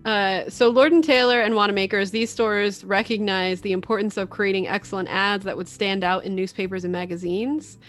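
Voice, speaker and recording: A woman's voice: mid-range voice, steady tone, a bit bright. A young adult woman co-hosting a podcast, reading out facts in casual chat. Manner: reads facts, then chimes in with quick reactions. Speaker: podcast co-host.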